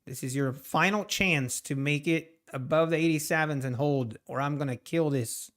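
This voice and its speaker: A man's voice: fairly high pitch, moderate pace, fairly bright tone. A man streaming his trading live, talking to the chart and chatting with viewers between laughs.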